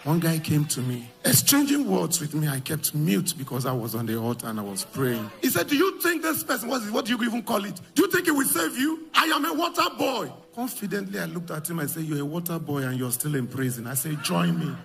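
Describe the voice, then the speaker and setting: A man giving an emotional church testimony, telling his story and shouting at the high points. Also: sing-song, fairly quick, gravelly, hardly any pauses.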